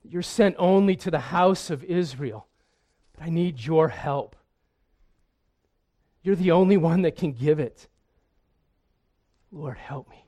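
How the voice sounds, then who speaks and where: A man's voice: fairly high pitch, unhurried, pauses often, mellow. A man preaching voices an indignant woman who turns to plain begging for help. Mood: pleading. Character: indignant foreign woman pleading with a healer.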